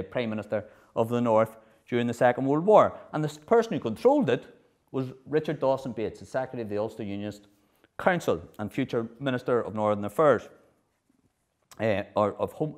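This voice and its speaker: A middle-aged man giving a history lecture, lively, often checking in with his audience. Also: medium pitch, fairly quick. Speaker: speaker at a political history festival.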